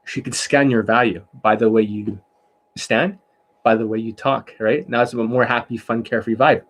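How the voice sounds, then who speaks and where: A man's voice: medium pitch, fairly even intonation, moderate pace. A man giving a casual coaching talk on dating, blunt and profane, who keeps checking in with the listener through rhetorical questions.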